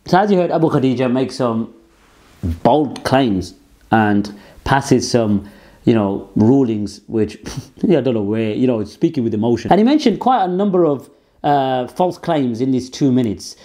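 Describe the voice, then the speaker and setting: A man's voice: mid-range voice, lively intonation, normal speed, warm tone. A man hosting a combative rebuttal, talking in a sarcastic, emphatic way. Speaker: host. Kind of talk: rebuttal commentary.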